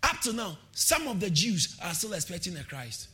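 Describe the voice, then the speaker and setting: High, lively, exhorting male preacher. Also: moderate pace. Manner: exhorting, repeats phrases, calls for shouts of response. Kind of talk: sermon.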